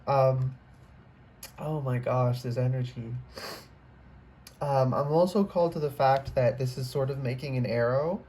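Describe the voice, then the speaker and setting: Mellow-voiced, rambling tarot reader. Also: medium pitch, unhurried, long pauses. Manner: rambling, trailing off and restarting, emotional. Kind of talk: casual spoken tarot reading to camera. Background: faint computer fan hum.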